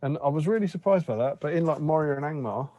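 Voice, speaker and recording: A man's voice: a little high, lively intonation, quick pace, warm tone, no room sound, dull audio. A man co-hosting a tabletop wargame stream over a video call, chatting casually and rambling with fillers. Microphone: remote video call.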